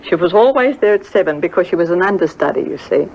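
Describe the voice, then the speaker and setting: An older woman reminisces about a singer she knew as a friend, hesitant and full of fillers, acting out what others said. Her fairly low voice is animated and fast, on a muffled recording with slight background noise.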